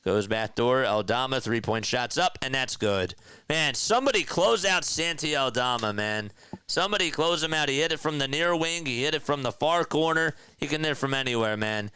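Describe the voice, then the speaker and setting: A man's voice: medium pitch, moderate pace, sharp tone, clean tone, no room sound. A man doing a homemade play-by-play call of a basketball game as a partisan fan, frustrated and exasperated with his team, recorded at home on a streaming mic. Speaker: amateur play-by-play caller. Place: home room.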